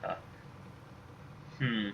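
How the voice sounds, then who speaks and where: A man giving casual, chatty and self-deprecating commentary while playing a video game. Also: extremely slow. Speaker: gamer. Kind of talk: casual let's-play commentary. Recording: dull lo-fi with faint hiss.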